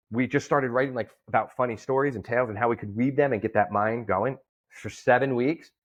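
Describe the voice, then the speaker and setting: A man's voice: medium pitch, lo-fi sound. A man, telling a story in a casual interview and acting out the voices of the people in it. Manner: animated storyteller, acts out quoted voices. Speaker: guest comedian and promoter.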